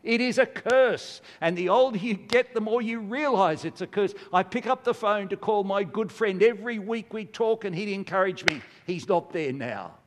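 An older man preaching a sermon, earnest and emphatic, slowing into weighty pauses. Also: high-pitched, lively intonation, in a large hall.

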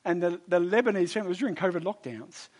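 A fairly high-pitched man delivers a sermon with real conviction. He drives his points home hard, then drops low and intense, and slips easily into casual, chatty storytelling between passages. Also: very fast. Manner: emphatic, swings from loud exhortation to low intensity; conversational storytelling asides. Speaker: preacher.

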